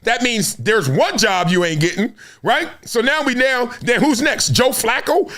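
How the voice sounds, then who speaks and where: A man's voice: very high-pitched, unhurried. A man in his fifties hosting a casual sports talk show, slangy and laughing often, acting out stories as he tells them. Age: 50s. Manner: animated storyteller, acts out quotes.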